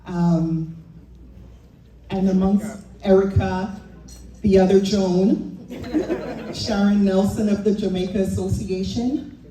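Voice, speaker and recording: A woman's voice: medium pitch, dark tone, slight background noise. A woman giving a heartfelt, grateful acceptance speech at an awards event. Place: event hall. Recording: echoey hall, distant mic, faint ambience.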